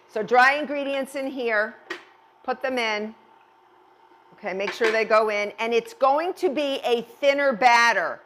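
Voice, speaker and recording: A woman's voice: on the high side, measured pace, fairly bright tone, slight background noise. A middle-aged woman chef giving a cooking demonstration, chatty and reassuring, often repeating words for emphasis.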